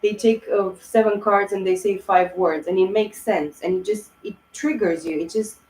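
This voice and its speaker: A woman's voice: mid-range voice, steady tone, normal speed, darkish tone, reverberant, a little hiss or hum, rough recording. A woman giving a tarot reading in a rambling, emotional way, with many fillers and restarts. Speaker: tarot reader. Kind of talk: casual tarot reading monologue.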